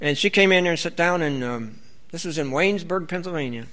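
A man's voice: a little high, lively intonation, fairly quick, fairly bright tone. A man preaching a sermon in an earnest, rambling way, stopping to read scripture aloud.

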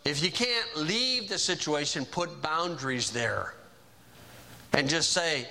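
A male preacher delivers a sermon in a folksy, chatty manner. His voice sits a little high and rings bright and forceful. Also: animated, slow pace, gravelly. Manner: folksy, conversational preaching with asides.

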